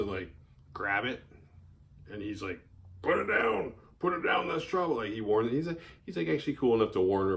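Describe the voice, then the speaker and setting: A man casually recapping a horror film, swearing freely and acting out the characters' lines in exaggerated voices. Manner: animated, profane, acts out characters' lines in high voices.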